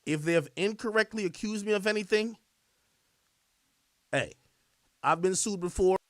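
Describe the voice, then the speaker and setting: A man's voice: high-pitched, a bit bright, dry recording, clean studio sound. A man giving a repetitive, insistent monologue on a livestream, played in a clip. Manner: repetitive, insistent, drawn-out phrasing. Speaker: streamer in clip.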